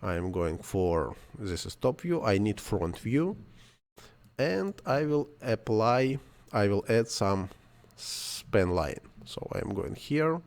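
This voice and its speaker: Male non-native English speaker, lowish voice, hesitant self-correcting software tutorial narration. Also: big pitch swings, slow. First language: not English. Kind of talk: screen-recorded software tutorial.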